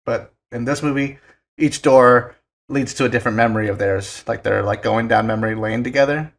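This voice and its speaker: Young male podcast co-host, gravelly, loose and chatty, swears offhand. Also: mid-range voice, a little fast. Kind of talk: casual film podcast chat.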